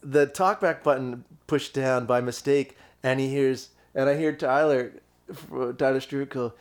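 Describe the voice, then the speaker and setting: A man, a musician guest, telling a story in casual chat, animated and profane with lots of restarts. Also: medium pitch, a little slow. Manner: animated, swearing, many restarts and fillers.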